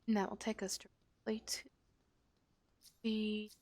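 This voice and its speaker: A woman streaming a game, thinking aloud and often trailing off quietly. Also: medium pitch, little pitch movement, unhurried. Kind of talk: casual gameplay commentary.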